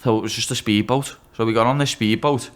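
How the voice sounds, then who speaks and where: A man in his twenties from Liverpool with a Scouse accent, chatting on a podcast and telling rambling, swear-filled stories in an animated way. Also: mid-range voice, fast. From Liverpool, England. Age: 20s. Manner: swears freely, tells rambling anecdotes, animated. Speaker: guest, mixed martial arts fighter. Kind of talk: casual podcast chat.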